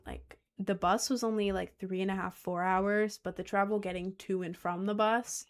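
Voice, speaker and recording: Young woman streamer, casual rambling chat, mid-pitched voice, heavy on fillers. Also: fairly even intonation, moderate pace.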